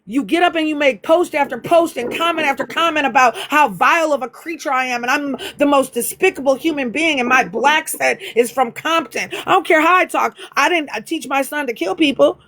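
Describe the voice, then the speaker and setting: A woman's voice: high voice, fairly quick, few pauses, fairly bright tone. A woman hosting a livestream, talking bluntly and profanely in a fired-up rant. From US Midwest, near Chicago. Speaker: livestream host. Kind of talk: heated casual livestream rant.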